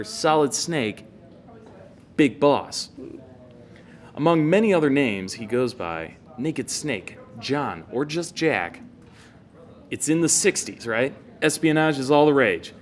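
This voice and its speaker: Brief: mid-pitched man, eager co-host, casual game chat.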